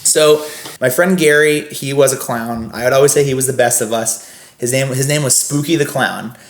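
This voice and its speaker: A man's voice: mid-range voice, fairly even intonation, moderate pace, reverberant. A man guest on a podcast, telling stories casually in a rambling way with frequent restarts. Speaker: guest, scare actor.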